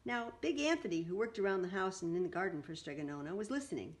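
Woman reading a kids picture book out loud, really animated, voice goes up and down a lot. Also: medium pitch, quick pace. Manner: animated, with chatty asides. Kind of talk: children's picture-book read-aloud.

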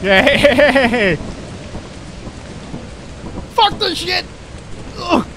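A woman streamer chatting while playing a co-op game, excitable, swearing and laughing. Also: sits high, drawn-out words. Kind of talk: casual gaming chat. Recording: game noise underneath.

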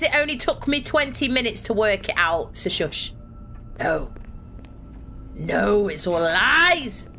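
Woman streamer, frantic swearing play-by-play, bright lively voice, music under her. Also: medium pitch, moderate pace. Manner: swearing, exasperated, thinks aloud. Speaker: gaming streamer. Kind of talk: live gameplay commentary.

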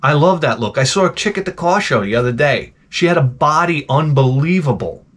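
A man's voice: fairly high pitch, lively intonation, brisk, fairly bright tone. A middle-aged man hosting a retro game channel, rambling through a blunt, profane comedic rant full of wisecracks.

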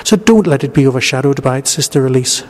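A man's voice: medium pitch, expressive, fast, a little mellow. A man hosting a podcast, giving a chatty review and asking and answering his own questions. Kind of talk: spoken audio review. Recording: reverberant room with faint noise.

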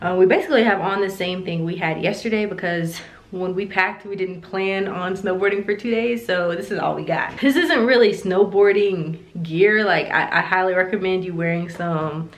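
A woman with a fairly low voice speaks at normal speed, chatting casually straight to her camera in a travel vlog. Her talk is loose and full of fillers, set in a hotel room and at a ski resort.

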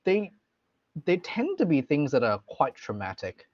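A man's voice: on the high side, huge pitch swings, a little slow, a little mellow, no room sound. A man co-hosting a casual podcast chat about ghost stories, thoughtful and hedging. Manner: thoughtful, hedging with many likes. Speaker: podcast co-host. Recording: dry, dull lo-fi sound.

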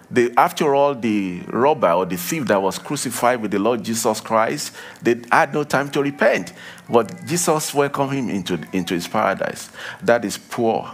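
A male preacher delivering a sermon, emphatic, repeating key lines and dropping to a low hush for warnings.

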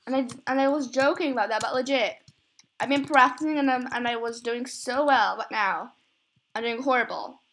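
A woman's voice: high-pitched, moderate pace, a bit bright. A young woman chatting casually while playing a game, rambling, often giggling and laughing at herself. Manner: giggly, rambling, many self-conscious laughs. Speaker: gamer recording gameplay. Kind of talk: casual gameplay chat.

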